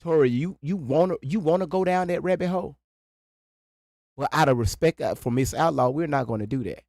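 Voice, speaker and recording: A man hosting a casual live stream, talking loudly and bluntly and swearing freely. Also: a little high, brisk, no echo, clean studio sound.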